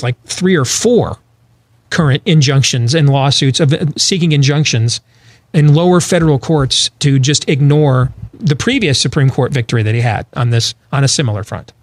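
Man, talk show host, political commentary, emphatic, rhetorical questions, somewhat high voice. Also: dry recording.

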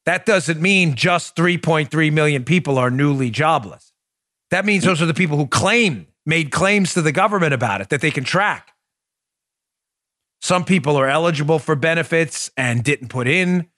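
Hosting a political commentary podcast, a man speaks emphatically, building to heated, repetitive points. His voice is a little high and fairly bright with lively intonation at a moderate pace, recorded in studio quality with no echo.

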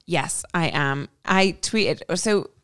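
Woman, football podcast co-host, smooth clear voice, dry close sound, chatty and rambling. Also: low voice, slow pace, a bit bright, no room sound. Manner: chatty, rambling, many fillers and restarts. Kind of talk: casual football chat. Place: recorded in person with co-hosts.

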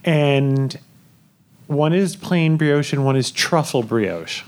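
A man's voice: a little high, a little slow. Chatty man telling a live audience a story. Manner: chatty, laughing, enthusiastic food storytelling. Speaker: podcast host. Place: theater on a cruise ship.

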